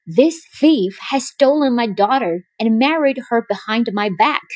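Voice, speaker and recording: A woman's voice: on the high side, expressive, measured pace, darkish tone, dry recording. A woman voicing an angry, hateful old father in a storybook reading, wailing and howling. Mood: outraged.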